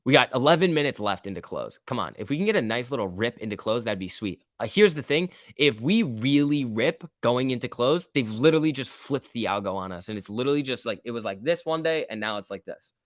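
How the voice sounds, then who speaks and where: A man's voice: medium pitch, big pitch swings, fairly quick, few pauses, dry recording, clean studio sound. A young man hosting a casual stock-market live stream, reading viewer comments aloud and cheering the chart on. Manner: chatty, reacts to chat and price moves, cheering the chart on. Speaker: stock market livestream host.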